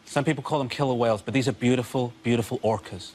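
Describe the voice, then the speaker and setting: A comedian on a panel show, ranting in exasperation and building to loud outbursts. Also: male voice, mid-range voice, quick pace, slight background noise. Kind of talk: stand-up routine on a panel show. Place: TV studio with live audience.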